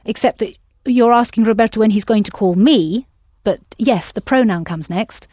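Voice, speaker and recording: A woman's voice: on the high side, normal speed, dark tone, dry recording, clean studio sound. A woman teaching a language lesson, patiently prompting her students with questions.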